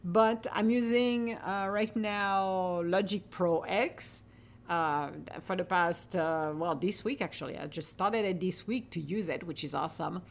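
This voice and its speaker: A woman from Europe hosting a podcast, talking casually and encouragingly, laughing often and slowing down for calm affirmations. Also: on the low side, slight background noise. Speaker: podcast host. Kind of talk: casual motivational monologue.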